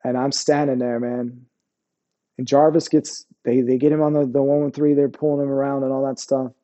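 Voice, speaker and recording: Profane, halting veteran man with a mellow voice. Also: level tone, muffled recording. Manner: profane, halting, restarts often, lowers voice on painful memories. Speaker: army veteran guest. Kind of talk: candid interview storytelling.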